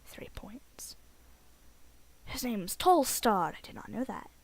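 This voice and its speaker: A woman giving casual gameplay commentary as a let's play host, chatty and rambling, getting excitable at game events. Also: on the high side, normal speed, gravelly.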